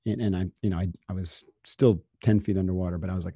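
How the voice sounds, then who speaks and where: A man's voice: sits low, normal speed, mellow, husky, no room sound, studio quality. A middle-aged man, a podcast guest, telling a candid anecdote casually, full of fillers and quoting himself. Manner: candid, casual, peppered with fillers and self-quotes. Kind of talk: storytelling anecdote.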